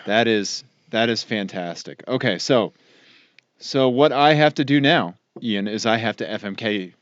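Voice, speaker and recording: A man's voice: on the low side, expressive, a little slow, a bit bright, clear, resonant tone, no room sound. A man co-hosting a car podcast in casual chat, eagerly chiming in and agreeing. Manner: eager, keeps chiming in with okays. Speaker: podcast co-host. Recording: dull lo-fi podcast audio.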